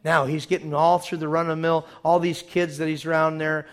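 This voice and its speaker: A man preaching a sermon who retells a movie in an animated way, acting out the scenes with sudden loud bursts. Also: on the high side, fairly quick.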